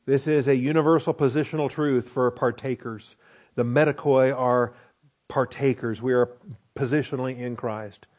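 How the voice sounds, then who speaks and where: Middle-aged guy teaching a bible study, chatty, keeps asking okay?, normal pitch voice. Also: steady tone, normal speed, a little mellow. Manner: conversational, repeats "okay?" to check listeners.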